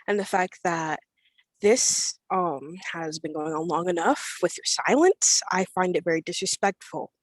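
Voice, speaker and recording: A woman's voice: on the low side, a little slow, no echo. Teen girl, furious public commenter on a video call, blunt, dry sound. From Florida, USA. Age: teens. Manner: angry, confrontational, blunt, swears. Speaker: public commenter at a school board meeting.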